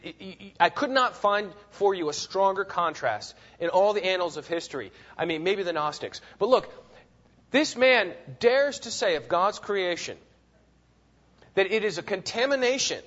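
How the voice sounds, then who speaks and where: A man teaching a Bible class, lecturing in an animated, emphatic way, often repeating words and checking in with "right?", on a dull, lo-fi recording. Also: high voice.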